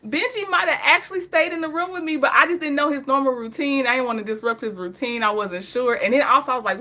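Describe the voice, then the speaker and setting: A vlogger in a casual story-time clip, her voice high, pushed and bright, talking fast with few pauses. She tells her stories in a chatty way, laughing often and speaking straight to her viewers.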